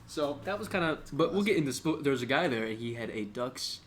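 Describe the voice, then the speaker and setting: A young man co-hosting a casual podcast, rambling and joking as he tells animated stories. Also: medium pitch, brisk. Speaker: podcast co-host. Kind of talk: casual chat. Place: small room.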